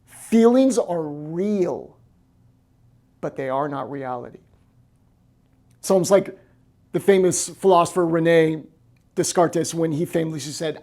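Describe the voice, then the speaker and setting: An American man in the role of pastor, preaching a lively sermon and acting out quoted voices. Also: a little high, a little slow, long pauses.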